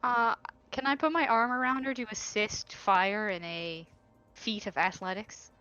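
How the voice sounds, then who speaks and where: A woman's voice: medium pitch, steady tone, measured pace, sharp tone, lo-fi sound, faint music behind. A woman playing a tabletop game, chiming in with amused remarks. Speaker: player.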